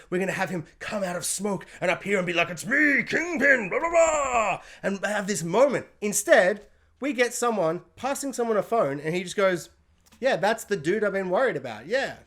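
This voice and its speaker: Man, excited spoiler review rant, emphatic, loud outbursts and low mutters, alone in his room, camera mic. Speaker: pop culture reviewer and podcast host.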